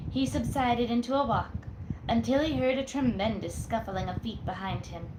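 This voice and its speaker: A woman's voice: mid-range voice, noisy background. Woman reading a classic novel aloud. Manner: measured reading with acted voices. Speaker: storyteller. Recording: roomy echo.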